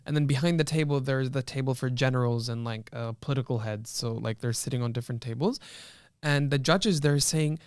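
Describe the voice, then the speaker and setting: A man's voice: medium pitch, a little fast, hardly any pauses, a little mellow, smooth, no room sound, clean studio sound. A young man, a law student, earnestly retelling a film in a casual panel discussion, with many restarts.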